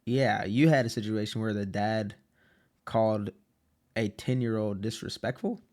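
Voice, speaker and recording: A man who coaches youth wrestling, chatting casually on a podcast and recounting stories in a relaxed way. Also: on the low side, a little slow.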